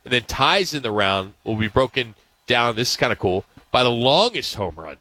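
Male sports radio host, mid-pitched, bright and forceful, upbeat news rundown. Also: big pitch swings, low-quality recording. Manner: reads news items in a brisk, upbeat way. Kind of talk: casual sports talk.

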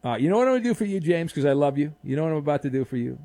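Man, sports radio host, slightly high voice, dry studio sound, jokey. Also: racing, no echo. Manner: jokey, animated, teasing. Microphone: studio microphone.

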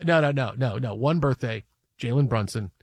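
A man hosting a sports radio show in a studio, talking in casual, animated banter and repeating himself for comic effect. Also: medium pitch, moderate pace, husky, dry recording. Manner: animated, repetitive, mock-dramatic asides. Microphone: studio microphone.

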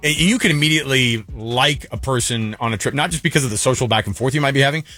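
Fast-talking bright man with music behind. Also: mid-range voice, dry recording, clean studio sound. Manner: quick, joking, full of fillers. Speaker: co-host. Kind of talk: casual chat.

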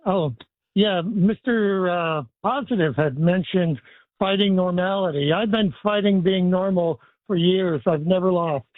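A man calling in to a radio show, joking and halting with many fillers, heard over a tinny phone line. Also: sits high, no echo. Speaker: caller.

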